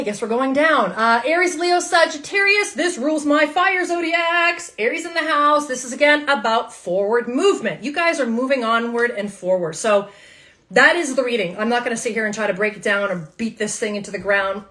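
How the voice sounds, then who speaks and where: A woman's voice: on the high side, a bit bright. A woman giving a live tarot reading to her viewers, emphatic and fired up, repeating her phrases and swearing casually. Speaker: tarot reader.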